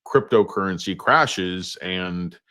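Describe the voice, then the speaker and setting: Low-voiced rambling stock show host. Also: male voice, takes it slowly, sharp tone, clear, resonant tone. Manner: rambling, jumps between topics, crude jokes. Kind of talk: casual livestream chat.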